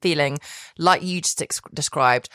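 A woman's voice: deep voice, a little slow, fairly bright tone, no echo, clean studio sound. A woman guest telling a long rambling story in casual chat, laughing often and correcting herself. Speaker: podcast guest, private chef.

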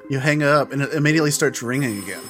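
A man's voice: mid-range voice, very fast, background noise. A man narrating as game master in a loose, rambling way with many fillers.

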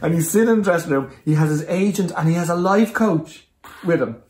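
A man telling comedy anecdotes in an animated, expletive-laden flow, his voice sitting a little high for a man. The room around him has a noticeable echo. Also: a little fast. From Ireland. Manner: animated storyteller, swears freely. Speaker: comedian guest. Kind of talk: casual chat, anecdote telling. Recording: echoey room.

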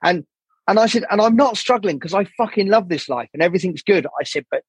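A man's voice: sits high, animated, fast, breathy edge, no room sound. A man as a podcast guest, talking candidly and rambling, swearing often and acting out the people he quotes. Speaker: podcast guest, jazz saxophonist.

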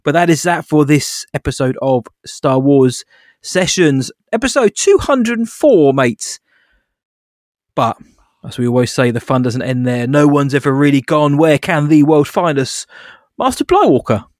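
A man co-hosting a podcast, easygoing and quick to laugh. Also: a little high, lively intonation, darkish tone, dry recording, studio quality. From United Kingdom. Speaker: podcast co-host. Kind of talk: casual chat. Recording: faint music behind.

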